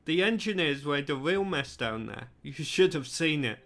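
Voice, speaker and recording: A man's voice: a little high, expressive, normal speed, a bit bright, soft background music. A man voicing a chatty, evasive male janitor while reading game dialogue aloud. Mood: explaining.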